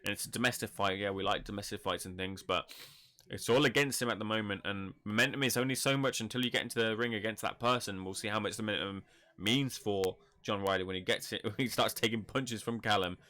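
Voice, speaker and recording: A man hosting a live boxing reaction stream, talking in a chatty, rambling, animated way. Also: fairly low pitch, fast talker. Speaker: boxing channel host. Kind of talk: live fight reaction commentary.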